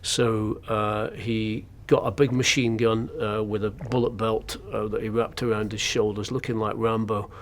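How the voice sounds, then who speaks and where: A man's voice: fairly low pitch, little pitch movement, moderate pace, hardly any pauses. A man, a journalist, recounting his captivity in an interview in an understated, wry and hesitant way. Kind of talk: first-person interview account.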